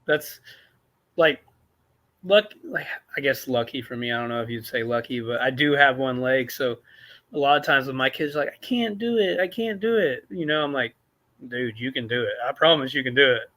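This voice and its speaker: A man's voice: medium pitch, moderate pace, pushed and bright. A man from Arkansas, a podcast guest talking in a laid-back, casual way, full of "you know"s. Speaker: podcast guest, jiu-jitsu competitor. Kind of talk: casual conversation.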